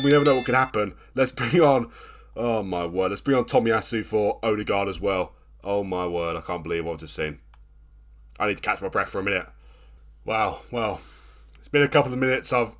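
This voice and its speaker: A man in his thirties commentating his own football management game, swinging between nervous groans and excited shouts. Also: mid-range voice. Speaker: gaming channel host. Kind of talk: let's play commentary.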